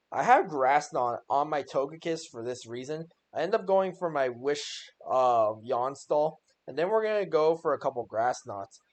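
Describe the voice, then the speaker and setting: A young man giving a casual voice-over on his own game run, joking and exasperated at his own plays. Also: a little high. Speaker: gaming YouTuber.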